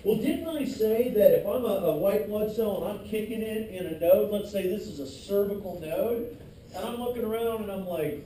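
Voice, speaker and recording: A man teaching an anatomy class in a lively, joking way, teasing his students as he goes. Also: high-pitched, moderate pace. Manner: lively, jokey, teases students. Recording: echoey classroom, distant mic, faint hiss.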